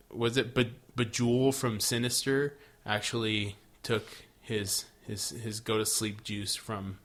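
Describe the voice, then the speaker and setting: A man's voice: on the low side, bright, forceful tone. A man co-hosting a casual podcast, recapping an episode in a laid-back way, swearing and acting out the characters' lines. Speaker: podcast co-host.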